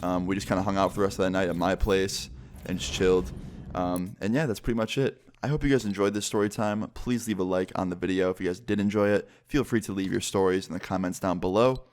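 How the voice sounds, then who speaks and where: A man in his twenties telling a casual storytime vlog in a relaxed, loose way with lots of fillers. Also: deep voice, fast talker, a little hiss or hum. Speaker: storytime vlogger.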